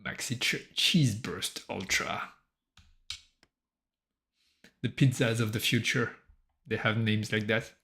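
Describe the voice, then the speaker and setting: A man's voice: lowish voice, steady tone, takes it slowly, long pauses, sharp tone. A French-accented man with a slightly sore throat, chatting in a rambling, self-amused way while streaming as a solo game developer. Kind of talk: casual livestream chat.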